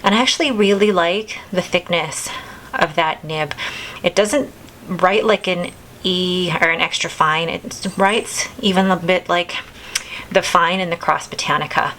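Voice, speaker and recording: A woman's voice: fairly low pitch, a little slow, fairly bright tone, low-quality recording. A woman in her thirties hosting a casual video, chatting enthusiastically and rambling a little as she talks through her things. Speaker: vlog host. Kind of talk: casual chat.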